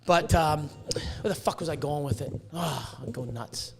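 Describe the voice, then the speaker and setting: A man hosting a casual podcast, rambling and swearing as he tells animated stories, hot and sweating in his room. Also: fairly high pitch, normal speed, gravelly, a little hiss or hum. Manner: profane, rambling, animated storytelling. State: sweating, overheated. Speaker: podcast host, reptile breeder. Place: hot indoor room with a fan.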